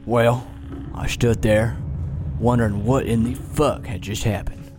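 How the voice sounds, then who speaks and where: A man voicing a frontier-town mayor in a put-on accent, telling a long grim tale in drawn-out monologues. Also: medium pitch, fairly even intonation, background noise, natural voice. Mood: grave. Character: male small-town mayor, shaken gunslinger-era storyteller. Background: music.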